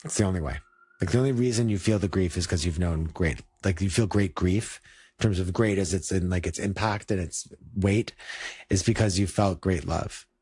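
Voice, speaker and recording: A man with a fairly low voice talks through yoga ideas in a loose, rambling way, circling back with "like" and restarting thoughts. The sound is dry and close, with no room around it. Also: moderate pace, dark tone, slightly rough, no echo. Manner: rambling, many "like" fillers and restarts. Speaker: yoga teacher and podcast co-host. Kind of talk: casual reflective chat.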